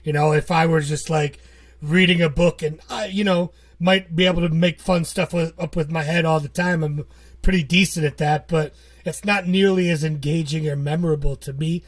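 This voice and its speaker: Man, podcast co-host, casual chat, rambling, laughs easily, somewhat high pitch. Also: fairly even intonation, moderate pace. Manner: rambling, joking, laughs often.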